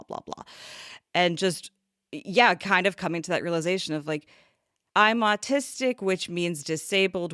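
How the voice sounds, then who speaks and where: A woman with a very low voice, talking things through on a podcast over a video call from home. She thinks aloud and questions herself, tossing in quick asides, and the sound is dry and close. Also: fairly bright tone, no room sound. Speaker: podcast co-host. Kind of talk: candid conversational podcast talk.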